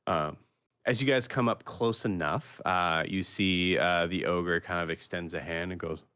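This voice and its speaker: A young man narrating as game master, describing scenes haltingly with many fillers. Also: sits low, pushed and bright, smooth, dry recording, studio quality.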